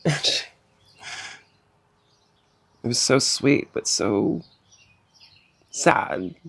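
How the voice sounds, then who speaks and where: A middle-aged man telling a painful personal story in a halting, emotional way, with many pauses, fillers and sighs. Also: mid-range voice, creaky. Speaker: personal vlogger.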